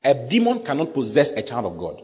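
Male preacher, sermon, lively swooping voice, repeats himself, quizzes the listeners, dull recording. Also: mid-range voice, a little fast, big-room sound. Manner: animated, repetitive, asks the audience questions.

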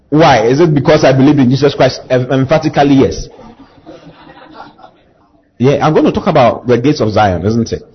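A man preaches a sermon with a husky edge and a lively, rising and falling pitch. He throws questions out for the congregation to answer and climbs into emphatic passages. The recording sounds muffled and lo-fi. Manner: call-and-response preaching, rising to impassioned emphasis. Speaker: pastor.

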